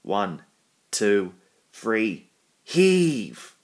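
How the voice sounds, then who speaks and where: A stern, portly railway boss, as a man reads him in a storybook. He sounds measured and deep, weighing every word slowly. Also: lively intonation, fairly bright tone, full character voice. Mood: commanding. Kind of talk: storybook reading.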